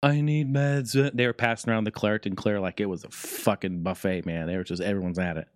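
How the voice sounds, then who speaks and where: A man hosting a casual talk show, rambling through news and stories in a profane, joking, animated way. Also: sits low, fast, no room sound, studio quality. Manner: profane, jokey, animated storytelling. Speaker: podcast host.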